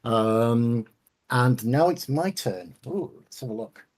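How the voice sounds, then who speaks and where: A man narrating as game master of a tabletop role-playing game, relaxed and a little hesitant, counting dice aloud. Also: medium pitch, takes it slowly.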